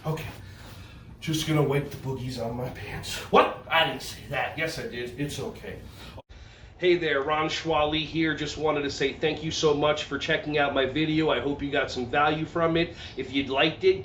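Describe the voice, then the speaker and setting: A man with a fairly high voice leads children through a stretching lesson, goofing around and teasing them with lots of energy. He sounds roomy and a bit far from the mic. Faint ambient noise sits underneath. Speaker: kids' yoga instructor. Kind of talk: playful movement lesson for children.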